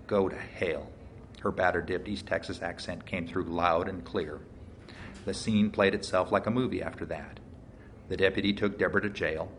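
A man's voice: deep voice, a bit bright, a little hiss or hum. A man narrating a first-person mystery story in a dry, wry way.

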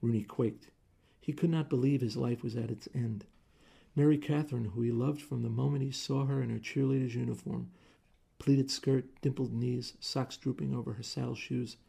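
A man narrating a story in a measured audiobook reading style. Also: mid-range voice, steady tone, gravelly, dark tone, slightly rough.

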